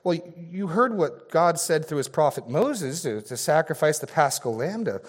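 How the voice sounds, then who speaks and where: A man plays a calm, sure father, speaking a bit above his usual pitch. He is firm, assured and unbothered. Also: normal speed, breathy edge.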